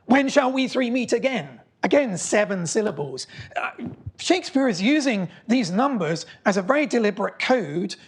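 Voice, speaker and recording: A middle-aged man giving a public lecture, telling stories with enthusiasm, full of ums, uhs and restarts. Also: high-pitched. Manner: enthusiastic storytelling with many fillers and restarts. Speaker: mathematician giving a public talk. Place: lecture hall before an audience.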